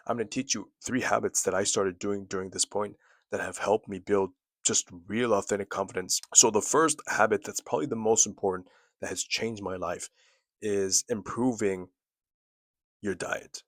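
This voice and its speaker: A young man in his twenties talks straight to camera in a low voice, sharing self-improvement advice. His delivery is earnest and chatty, full of fillers, with phrases repeated for emphasis. The sound is dry and close, with no room echo. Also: moderate pace. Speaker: self-improvement video creator. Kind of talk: casual talking-head advice.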